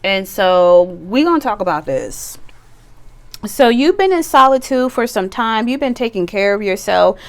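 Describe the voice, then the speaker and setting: Smooth-voiced, playful woman tarot reader. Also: medium pitch, animated, unhurried. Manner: chatty and playful, with bawdy jokes and bursts of laughter. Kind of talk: casual pick-a-card tarot reading.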